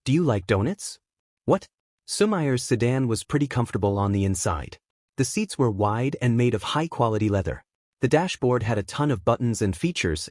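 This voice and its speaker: A man reading a fan fiction story aloud in a steady, plain manner. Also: medium pitch, dry recording, clean studio sound. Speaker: narrator.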